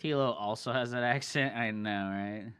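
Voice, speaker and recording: A male streamer casting a match in a loose, profane, excitable style. His voice is bright and forceful, with a tense edge that cuts through the chatter. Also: medium pitch, normal speed, smooth. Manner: swears a lot, loose and excitable. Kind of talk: casual game commentary.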